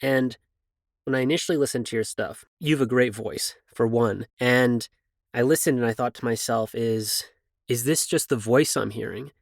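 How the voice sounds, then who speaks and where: Podcast host guy, mid pitch, earnest and jokey, super dry mic. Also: normal speed, creaky, no room sound. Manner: earnest, joking, praising his guest. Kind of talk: casual interview chat.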